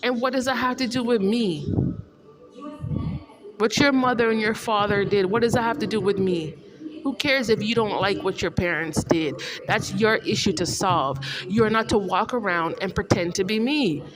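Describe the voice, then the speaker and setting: A woman's voice: mid-range voice, moderate pace, over music. A woman delivering an indignant, repetitive, confrontational monologue as a vlogger. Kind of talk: rambling monologue to camera.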